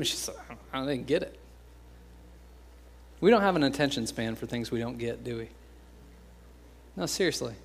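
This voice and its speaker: A young American man preaching a sermon in a casual, joking way, slipping into quick impressions of other people. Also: medium pitch. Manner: conversational and joking, acts out quoted voices. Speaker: pastor.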